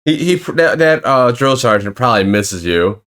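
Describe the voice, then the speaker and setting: A host in a casual interview, reacting briefly and laughing along with the guest. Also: female voice, extremely low pitch, expressive, normal speed, a bit bright.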